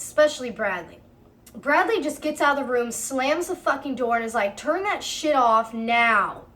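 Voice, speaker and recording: Twenty-something girl ranting through a storytime vlog, cussing nonstop, kinda high voice, acts out the fights. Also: a bit bright. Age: 20s. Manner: heated, profane storytelling; acts out her own side of arguments. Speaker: storytime vlogger. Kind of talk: casual storytime narration.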